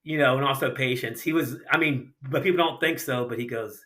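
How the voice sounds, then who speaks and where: A man's voice: medium pitch, fairly quick. A middle-aged man from Ohio, a retired racer, telling casual stories on a podcast and acting out the dialogue of the people in them. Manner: animated anecdotes with lots of acted-out dialogue and casual slang. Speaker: guest, retired sprint car racer. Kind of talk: casual storytelling in a podcast interview.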